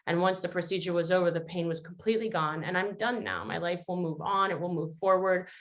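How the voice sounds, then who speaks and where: Hosting a family video call, a woman with a fairly low voice speaks a little quickly. Her casual talk is earnest and reflective, and now and then she acts out quotes.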